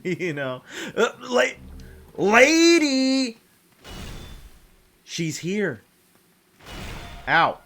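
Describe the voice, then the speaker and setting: A man streaming a video game, chatting casually in a rambling, excitable way with sudden jumps in pitch and frequent laughter. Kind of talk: casual chat while playing a game.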